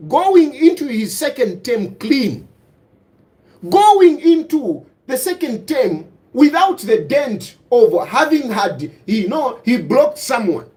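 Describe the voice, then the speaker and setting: A man's voice: very high voice, a little mellow. A middle-aged man giving an impassioned, scolding political monologue, repeating himself and switching between English and Bemba. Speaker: political commentator.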